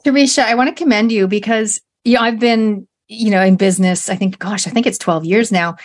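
A woman's voice: mid-range voice, brisk. A woman hosting a radio interview, affirming her guest with enthusiasm and summing up her points. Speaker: radio show host. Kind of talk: casual interview talk.

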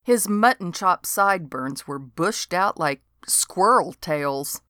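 Woman narrator, wry storybook reading, lowish voice, dry close sound. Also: expressive, takes it slowly, bright, forceful tone, dry recording.

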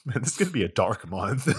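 Lively joking male podcast co-host. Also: medium pitch, moderate pace, breathy edge. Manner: jokey, acts out characters in funny voices. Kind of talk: casual comedic movie recap.

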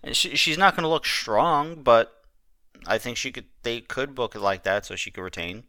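Podcast co-host, man, bright crisp voice, measured and hesitant delivery. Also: mid-range voice, no echo. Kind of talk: casual wrestling podcast chat.

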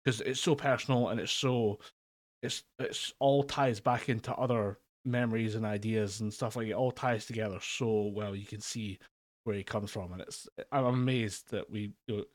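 A man's voice: fairly low pitch, fairly even intonation, moderate pace. A man co-hosting a podcast over a remote call, chatting casually in a rambling way with frequent fillers and laughs. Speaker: podcast co-host. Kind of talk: casual chat. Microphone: remote call mic.

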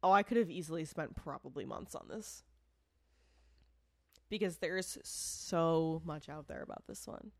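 Her voice sits low and gravelly, with lively intonation and an unhurried pace, and there's no echo. She co-hosts a casual true-crime podcast, speaking frankly and with indignation, swearing and laughing often. She isn't from the area where the show is made.

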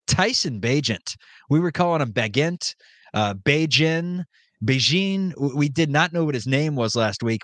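A man co-hosting a casual sports podcast, talking in an animated, joking way with quick asides. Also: mid-range voice, no echo. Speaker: podcast co-host.

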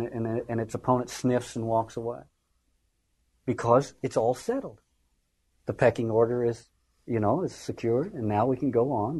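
A husky-voiced man lecturing in a loose, conversational way. He is wry and dry, and he keeps slipping into little acted readings of the lines he quotes. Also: mid-range voice, a little mellow, poor audio. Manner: conversational, wry, acts out quotations. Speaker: literature lecturer. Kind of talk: informal lecture on a play.

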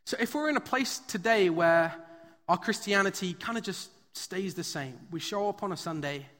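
A man's voice: high voice, animated, moderate pace, a bit bright. A man preaching a sermon at a live church service. He talks in a conversational, storytelling way and uses frequent fillers. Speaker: pastor. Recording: long reverb of a large hall.

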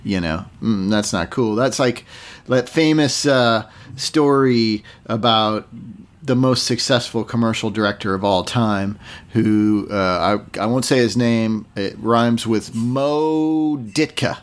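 Man, actor, casual chat, frank and slightly halting. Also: medium pitch.

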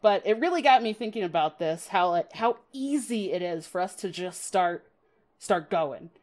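A woman's voice: fairly low pitch, lively intonation, normal speed, a little mellow. A woman hosting a podcast, chatting casually and laughing at herself. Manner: chatty, self-deprecating, laughs often, dramatic quoted asides. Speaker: podcast host. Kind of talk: casual podcast talk about card game strategy.

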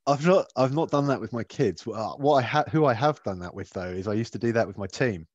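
A man's voice: mid-range voice, lively intonation, quick pace, no room sound. Laid-back man, muffled sound. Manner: laid-back, swearing, laughs often. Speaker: podcast co-host. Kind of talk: casual chat.

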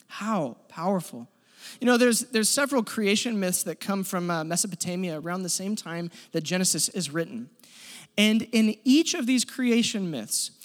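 A pastor preaching a sermon in a church sanctuary, emphatic, repeating key lines for stress and leading the congregation in spoken declarations. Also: mid-range voice. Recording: long hall reverb.

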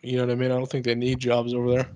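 Deadpan male co-host, monotone ribbing, dry close sound. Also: mid-range voice, very fast, smooth, dry recording. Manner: deadpan teasing, swearing. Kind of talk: casual chat.

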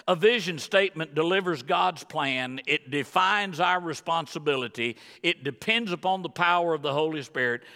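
Brief: a man as a guest pastor, emphatic sermon delivery, a bright, somewhat high voice, on a body mic in a church with long reverb. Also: moderate pace, hardly any pauses. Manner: emphatic, rising to high excited bursts. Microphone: wireless body mic with battery pack.

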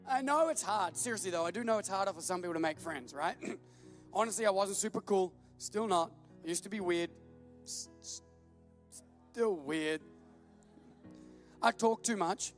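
A man preaching with a very high, light voice, joking about himself and breaking into laughter as he tells stories. Faint music sits under his sermon. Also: normal speed. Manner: self-deprecating, animated storytelling with laughs. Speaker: pastor. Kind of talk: humorous sermon.

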